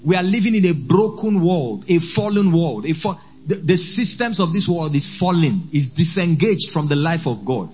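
A man, a priest preaching a sermon, who slows down and repeats phrases for emphasis. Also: a little high, sing-song, a little mellow, a little hiss or hum.

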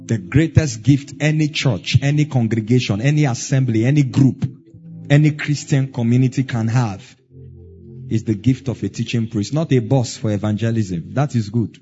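A man's voice: mid-range voice, warm tone, dull audio. A Nigerian man with a Nigerian accent preaching a sermon as pastor, stressing words in a rising, sing-song way.

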